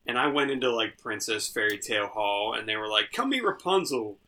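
A man's voice: on the low side, fairly even intonation, brisk, bright, forceful tone. A man guest on a comedy podcast, riffing on jokes and laughing often. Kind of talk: casual comedic chat.

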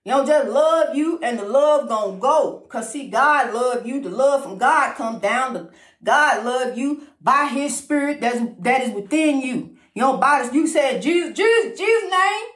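A high-pitched woman preaches to the listener in an informal, fervent way, hammering phrases again and again and calling them honey. She races ahead whenever she gets excited. The sound bounces around an echoey room. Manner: repetitive, emphatic, calls the listener honey; talks fast when excited. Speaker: inspirational speaker.

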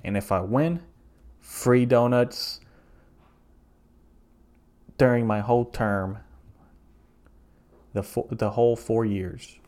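A man's voice: mid-range voice, slow, long pauses, a little mellow. A young man from the southern United States hosting a comedic solo podcast, rambling through profane, jokey bits. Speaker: podcast host.

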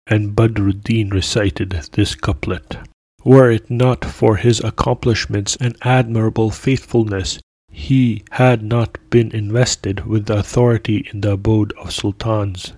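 A man narrating a classic tale aloud in a steady, measured storytelling manner. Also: on the low side, no room sound. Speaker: podcast narrator.

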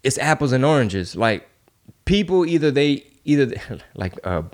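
A man's voice: medium pitch, very animated, moderate pace. A man hosting a podcast, talking bluntly and heatedly with lots of swearing and rhetorical questions. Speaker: podcast host. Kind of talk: casual opinionated chat.

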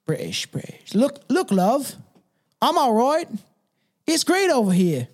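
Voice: mid-range voice, slow, creaky, dark tone. A podcast host doing a dead grandfather's voice on a ghostly phone call, in a shaky British accent that slides into a southern twang. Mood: fond, reassuring. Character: dead grandfather calling from beyond, fond and soothing. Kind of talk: hammy read-aloud impression in a storytelling segment.

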